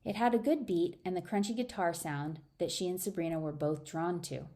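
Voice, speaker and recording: Woman narrator, low mellow voice, expressive audiobook reading. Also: fairly quick. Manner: expressive, raises pitch for dialogue.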